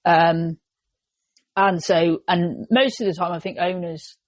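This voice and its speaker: A woman's voice: lowish voice, slow pace, a little hiss or hum. Chatty English woman podcast host. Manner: chatty, animated, jumps into quoted voices. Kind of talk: casual chat.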